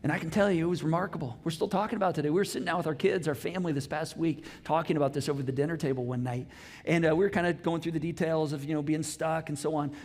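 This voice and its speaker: A middle-aged man preaching a sermon, telling a story with lively acted-out dialogue in a church auditorium. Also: a little high, very fast. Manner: animated storytelling, acts out dialogue. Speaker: pastor. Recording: long hall reverb.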